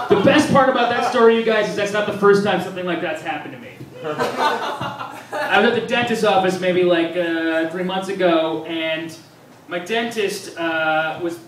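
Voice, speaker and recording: A man's voice: sits high, unhurried, long pauses, recorded from a distance. A young man doing a stand-up routine at a live venue, telling a story animatedly and acting out the people in it. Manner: animated storytelling, acts out quoted characters. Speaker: stand-up comedian. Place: live comedy venue with audience. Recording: echoey room recorded from afar, noisy.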